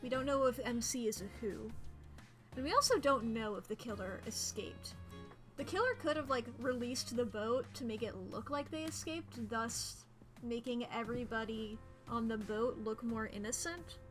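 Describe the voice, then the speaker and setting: A woman streaming a detective game, who reads its dialogue aloud and chats casually, joking and thinking out loud. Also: fairly high pitch, normal speed, faint music behind. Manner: chatty, jokey, thinks out loud.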